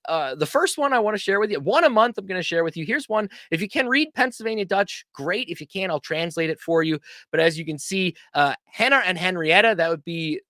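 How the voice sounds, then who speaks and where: Male host, casual livestream chat, rambling and self-deprecating, bright forceful tone, dry close sound. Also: fairly high pitch, dry recording.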